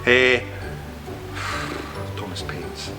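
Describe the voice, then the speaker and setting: A man's voice: mid-range voice, extremely slow, music in the background. A man filming a casual boat-building vlog on board, tripping over his words and scolding himself as he goes. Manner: stumbling, self-mocking, swears at his own slips. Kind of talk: casual to-camera vlog outtakes. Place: aboard a boat under construction, indoors.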